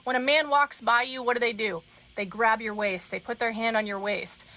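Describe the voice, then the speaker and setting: A young woman in casual chat, a blunt and animated storyteller. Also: fairly high pitch, normal speed. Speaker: podcast guest.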